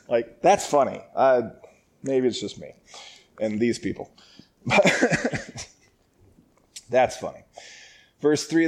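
A man's voice: mid-range voice, big pitch swings, slow pace, long pauses, breathy edge. A man teaching a Bible passage in a casual, joking way, often laughing and acting out lines in a raised voice. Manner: jokey and conversational.

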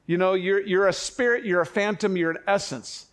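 An older man preaching a sermon in a conversational way, with family anecdotes and quick self-corrections. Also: sits high, a bit bright. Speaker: pastor.

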